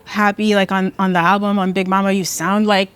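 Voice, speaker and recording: A woman's voice: mid-range voice, flat delivery, fairly quick, fairly bright tone, smooth. A woman interviewing a guest in a casual, conversational way, sharing her own experiences.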